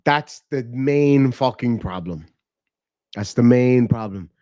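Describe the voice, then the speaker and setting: This late-night streamer takes his time, spinning profane stories and laughing a lot in a dark-toned, medium-pitched voice. The audio is studio quality with no room sound.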